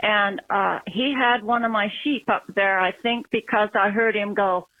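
A woman from Utah, a former sheep herder, calling in to tell a story in an unhurried, halting way. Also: medium pitch. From Utah, USA. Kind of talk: telling a story on a call-in line. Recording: phone line.

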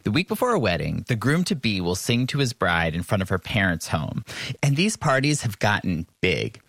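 A man's voice: on the low side, big pitch swings, moderate pace, gravelly, fairly bright tone, no echo. A man reporting a news feature in scripted narration.

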